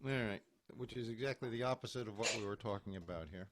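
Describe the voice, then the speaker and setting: Here a cantor talks fast in a fairly low voice against a noisy background. Jokey, rambling, and self-mocking, he moves from casual chat to leading a virtual chapel service via a computer microphone on a video call.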